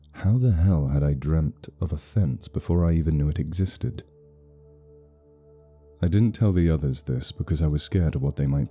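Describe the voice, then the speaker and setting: A man with a very low, deep voice narrates a horror story. His tone is extremely dark and mellow, and his telling is steady and measured. Faint music plays underneath.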